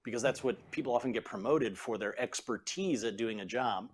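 A middle-aged man, a former CEO and author, talking in a relaxed podcast interview and acting out the people he quotes. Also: mid-range voice, brisk, husky. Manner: animated storyteller, acts out quoted voices.

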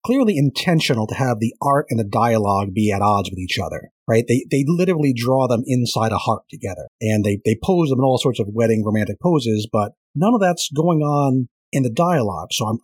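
Chatty male co-host, agreeable, slightly husky voice, dry close-mic sound. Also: mid-range voice, lively intonation, a little mellow, no echo. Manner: chatty, agreeable, quick to chime in. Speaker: podcast co-host. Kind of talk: casual comic book discussion.

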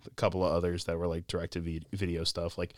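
A man co-hosting a casual podcast film review, animated and laughing often as he acts out lines he quotes. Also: deep voice, fast, no echo.

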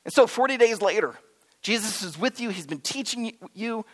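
Dramatic high-voiced preacher in a reverberant hall. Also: male voice, lively intonation, brisk. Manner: dramatic storytelling, drops to a hush at solemn moments. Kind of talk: sermon retelling a story in the second person.

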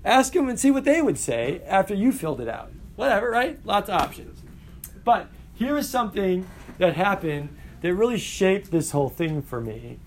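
Animated male teacher lecturing a class. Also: high-pitched, moderate pace, slight background noise. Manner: animated, asks the class questions.

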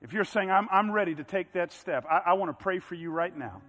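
High, bright-voiced male preacher in a hall. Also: lively intonation, fairly quick. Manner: preacherly, building to emphatic peaks. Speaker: pastor. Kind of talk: sermon.

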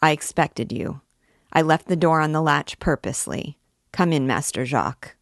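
A woman's voice: low-pitched, no echo, clean studio sound. A woman reading a stern, icy archdeacon. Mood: severe. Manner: cold, severe, measured. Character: stern, icy middle-aged male archdeacon.

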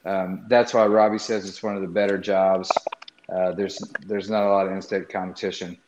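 A man co-hosting a sports talk show, blunt and hesitant, pausing often with ums. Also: low-pitched, flat delivery, background noise. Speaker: co-host. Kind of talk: casual sports chat. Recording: roomy, muffled mic.

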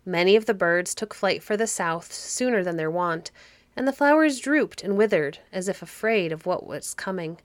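A woman narrating a fairy story for a podcast in a soft, cozy, unhurried manner. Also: on the low side, lively intonation, no room sound.

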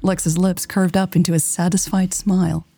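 A woman narrates a romance story in a soft, hushed, unhurried voice. Her tone is low and dark, with a gravelly edge. Faint music plays behind her. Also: level tone, dry recording.

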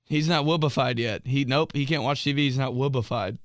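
A man's voice: medium pitch, a little fast, no room sound, clean studio sound. A man hosting a podcast, joking casually and laughing often as he reads listener submissions. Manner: animated, jokey, laughs often. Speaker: podcast host. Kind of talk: casual comedic chat reading listener submissions.

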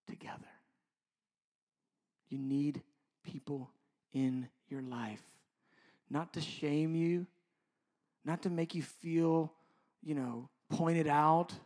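A man in his fifties preaching a sermon as a pastor, moving from loud, drawn-out emphasis to hushed, near-whispered lines. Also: a little high, steady tone. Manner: slow, drawn-out stresses on key words.

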